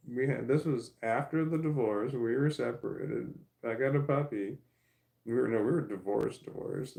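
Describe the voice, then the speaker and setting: A man's voice: medium pitch, vocal fry, darkish tone, low-quality recording. A middle-aged man telling a long personal story in a casual, rambling way, full of restarts and swearing. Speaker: vlogger.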